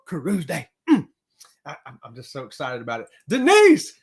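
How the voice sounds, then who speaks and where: Excitable man hosting a livestream. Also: a little high, a little fast. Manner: excitable, drawling, whoops and laughs often. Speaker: livestream host. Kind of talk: casual livestream chat greeting viewers.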